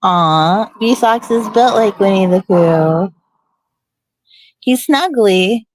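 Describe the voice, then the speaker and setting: A woman's voice: mid-range voice, lively intonation, drawn-out words. A middle-aged woman from Portland hosting a casual chat, blunt and profane, laughing often. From Portland, USA. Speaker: host.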